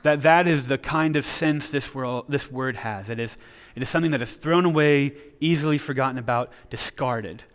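A man's voice: mid-range voice, normal speed, hardly any pauses. Earnest preacher man in a reverberant hall. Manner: earnest, with frequent repeated restarts. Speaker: pastor. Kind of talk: sermon.

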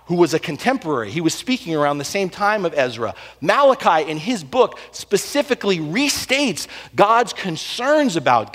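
A man preaching a sermon, telling the story with animated swings between loud and hushed delivery. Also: fairly high pitch. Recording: long hall reverb.

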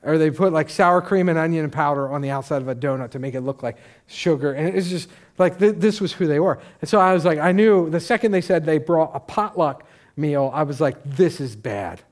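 A middle-aged male pastor preaching a sermon, telling a story in a casual, animated way with asides and restarts. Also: a little high, a little fast.

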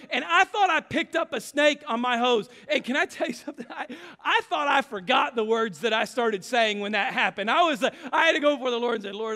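A man in his thirties preaching a sermon, telling stories with passion and building to loud climaxes. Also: very high-pitched, long reverb tail. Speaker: pastor.

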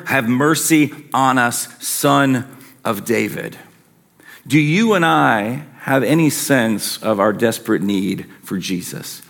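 A man's voice: fairly high pitch, a bit bright. A man preaching a sermon as a pastor, earnest and emphatic, his intensity rising and falling.

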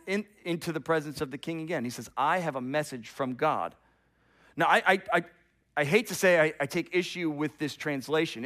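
A middle-aged pastor with a slightly high voice preaches a sermon, telling the story with animation. He rises loud and drops to a hush, often repeating words as he starts a thought.

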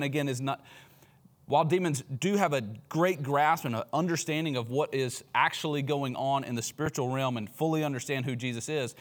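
A male pastor delivering a sermon with a mid-range voice. He talks through the passage casually, full of fillers and quick restarts. His tone stays conversational rather than formal. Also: medium pitch, a bit bright.

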